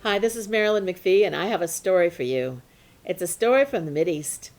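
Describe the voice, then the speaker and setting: A woman storyteller telling a folk tale to children in an animated, playful way, with sudden hushes and leaps in pitch. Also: fairly quick, soft background music.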